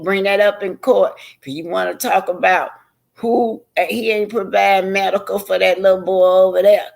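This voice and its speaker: A man's voice: high voice, vocal fry, a little mellow. A man hosting reaction commentary, emphatic and heated, often repeating himself and stumbling over words. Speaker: commentary host. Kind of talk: reaction commentary on video clips.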